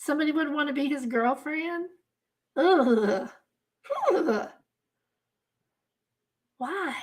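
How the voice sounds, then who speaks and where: A woman who hosts a crime-case channel talks casually to her livestream chat in a high-pitched voice at a slow pace. She sounds emphatic and exasperated, repeating herself for effect.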